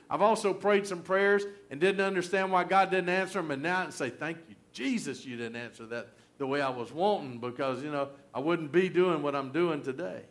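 Folksy pastor preaching. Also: male voice, high voice. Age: middle-aged. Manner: folksy, animated storytelling with humor. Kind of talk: sermon.

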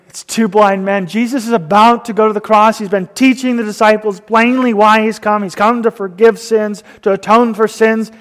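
High-voiced preacher in a reverberant hall. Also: male voice. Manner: swings from loud emphasis to soft whispers. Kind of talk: sermon.

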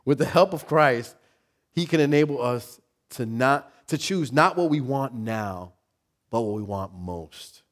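Male pastor, sermon delivery, animated and expressive, acts out inner voices, mid-range pitch. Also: a little slow. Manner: repeats words and restarts, laughs with the congregation.

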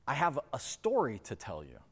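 A man's voice: mid-range voice, huge pitch swings, normal speed, breathy edge, voice pushed down, heavily acted. A man voicing a blunt, shrewd biblical prophet who speaks directly and plainly during a sermon. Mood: accusing. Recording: echoey hall with long reverb.

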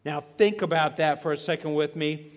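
A middle-aged male preacher with a fairly high voice delivers a sermon. He leans hard on key words, drawing them out slowly. He keeps asking rhetorical questions to pull his listeners in.

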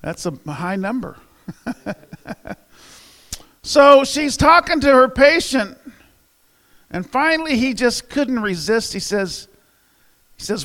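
A man's voice: very high-pitched, very animated, slow pace, long pauses, pushed and bright, big-room sound. A male pastor preaching a sermon, telling jokes and polling the congregation in a chatty way. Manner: conversational, polls the congregation. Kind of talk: sermon with humor and audience interaction.

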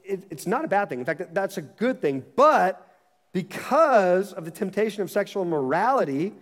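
A man's voice: high voice, big pitch swings, moderate pace, big-room sound. A man preaching a sermon as pastor, emphatic and repeating his phrases with frequent restarts.

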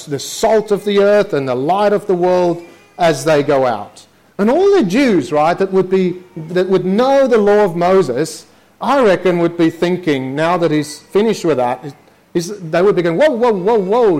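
Man, pastor, conversational sermon, fairly high voice. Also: darkish tone. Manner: conversational preaching, acts out listeners' objections.

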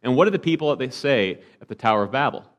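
Man preaching, swinging loud to hushed. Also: mid-range voice, expressive, quick pace, lo-fi sound. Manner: preaching with rhetorical questions to the congregation; swings between emphatic and hushed delivery. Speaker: pastor. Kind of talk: sermon.

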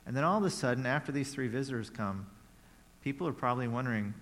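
A man's voice: medium pitch, lively intonation, fast, fairly bright tone, a little hiss or hum. A man preaching a conversational sermon, retelling a Bible story with playful asides.

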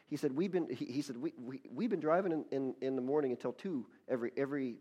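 A man's voice: mid-range voice, fast talker, few pauses, mellow. A man giving a sermon, telling a story with frequent restarts and repeated words, building to fervent praise. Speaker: pastor.

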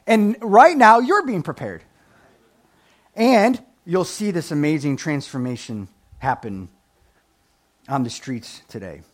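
A man with a high-pitched voice preaches a sermon. His pitch leaps around as he swings from loud, emphatic lines to quiet asides. He reads scripture and laughs at his own jokes. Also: big pitch swings, takes it slowly, pauses often. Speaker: pastor.

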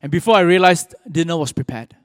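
A man preaching a sermon in an earnest manner, pausing often and quoting scripture. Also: on the high side, no room sound, clean studio sound, long reverb tail. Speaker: pastor.

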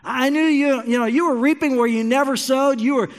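Man doing a bitter scared servant guy, stumbling and accusing, high pitched, hall echo. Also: brisk. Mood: resentful. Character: resentful fearful male servant.

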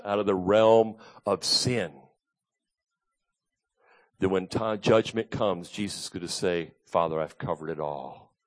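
Earnest man preaching a sermon. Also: low voice. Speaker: pastor. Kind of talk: expository sermon.

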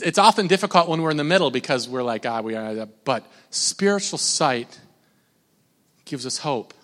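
A pastor preaching a sermon in a casual, conversational way, with many fillers and restarts, calling on the congregation to respond. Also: male voice, sits high, fairly bright tone, long reverb tail.

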